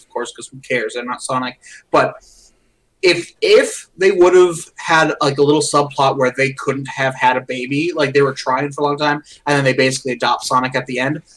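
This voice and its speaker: A man co-hosting a podcast in casual chat, rambling through movie scenes and retelling jokes. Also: medium pitch. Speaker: podcast co-host. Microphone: close desk mic.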